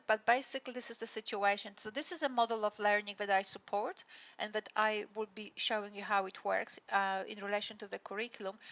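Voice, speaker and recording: A woman's voice: mid-range voice, pushed and bright, highs cut off. A woman lecturer explaining a teaching model in a recorded lecture, often checking in with tag questions. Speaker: university lecturer.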